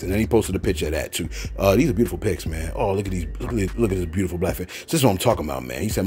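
A man's voice: low-pitched, lively intonation, quick pace, hardly any pauses, darkish tone, faint music behind. A man giving casual celebrity news commentary, rambling with frequent restarts and asides to his viewers.

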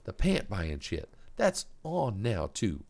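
A man's voice: lowish voice, wildly swooping pitch, slow, vocal fry, darkish tone, voice pushed up, exaggerated voice. A man voicing a foul-mouthed, volatile teenage boy drug dealer who talks about himself in the third person, with a strained, worn voice. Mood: boastful.

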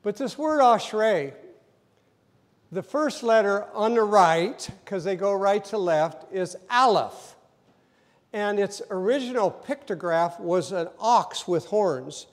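A man preaching a sermon as pastor, telling the story vividly and acting out scenes, sometimes rising to loud emphasis. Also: sits high, expressive, takes it slowly, long reverb tail. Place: church sanctuary.

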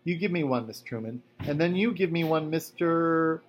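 A man reading aloud, voicing a cheerful, lonely old retired electrician who gets childishly excited. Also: on the high side, moderate pace, slight background noise, voice pushed up, natural voice. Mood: eager.

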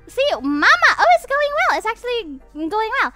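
A young woman from Indonesia streams a game as a virtual idol, her voice very high and sharp. She swings wildly in pitch, lurching from shrieks to low mutters. She reads her chat aloud with theatrical flair. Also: very animated, brisk, few pauses, soft background music.

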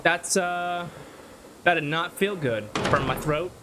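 A man's voice: a little high, takes it slowly, noisy background. A man giving nervous commentary while playing a horror game, muttering repeated worries and breaking into sudden yelps. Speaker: gaming YouTuber.

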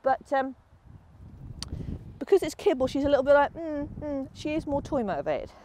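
Woman dog trainer, high animated voice, explaining outdoors with sing-song praise for the dog. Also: a little fast, slight background noise. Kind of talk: instructional demonstration outdoors. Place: outdoors in a field.

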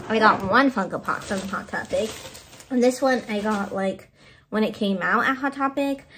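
Woman vlogger, casual chat to camera, excitable and gushing, slightly raspy tone. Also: mid-range voice. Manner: gushing and excitable, with frequent laughs. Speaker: vlogger showing a birthday haul. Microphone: phone camera.

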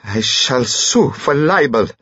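A man's voice: big pitch swings, takes it slowly, sharp tone, slightly rough, no echo, muffled recording, full character voice. A man voicing a sleek, theatrical foreign suspect who screams and sobs his innocence in an audiobook. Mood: cold. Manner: shrill, sobbing protests.

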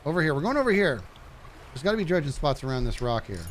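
At a quick pace, with slight noise in the background, he narrates a fishing game live and responds to chat. His chatty, animated delivery spikes into high-pitched panicked yelps whenever a mishap hits.

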